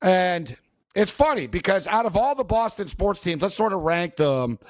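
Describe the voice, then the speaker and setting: A man's voice: high voice, big pitch swings, normal speed, no echo, studio quality. A man hosting a sports betting talk show, rambling casually with many fillers.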